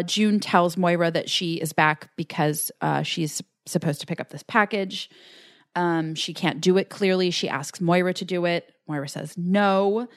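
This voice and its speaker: A woman's voice: fairly low pitch, smooth, no echo, clean studio sound. A woman co-hosting a podcast, casually recapping an episode and acting out quotes between fillers. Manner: recounts scenes with acted-out quotes, many fillers. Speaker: podcast co-host.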